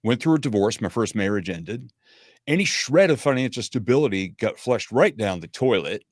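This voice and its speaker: A man's voice: on the low side, expressive, normal speed, no room sound, studio quality. A middle-aged man, a podcast guest, telling his life story steadily and with self-deprecating humor. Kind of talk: interview storytelling.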